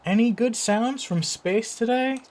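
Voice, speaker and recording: A man's voice: very high-pitched, a little slow, darkish tone, pitched above the performer's own voice. A man reading a friendly alien villager. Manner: plain read-aloud delivery. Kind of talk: reading game dialogue aloud.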